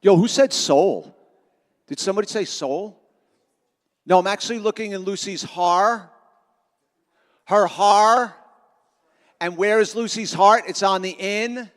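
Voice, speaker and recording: Man, middle-aged, motivational school speaker, jokey and self-mocking, lively crowd work, long auditorium echo. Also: sits high, measured pace, long pauses.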